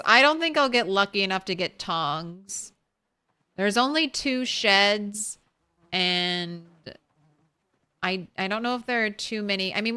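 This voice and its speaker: A woman's voice: on the high side, pushed and bright, smooth. A woman streamer chatting casually while she plays, thinking aloud and laughing easily. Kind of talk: casual gameplay commentary.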